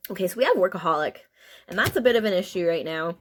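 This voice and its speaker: A woman's voice: fairly low pitch, expressive, quick pace. A woman giving a casual spiritual card reading to her viewers, chatty and emotional, laughing often as she talks. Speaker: tarot card reader.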